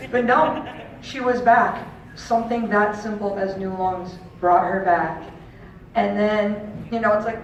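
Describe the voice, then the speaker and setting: A woman's voice: on the high side, normal speed. A woman in her thirties giving a heartfelt personal story to an audience at a charity event, acting out the voices of people she quotes. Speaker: speaker at a charity auction. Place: large event hall. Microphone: handheld camera far from the stage. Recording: distant, dull and very echoey with faint room noise.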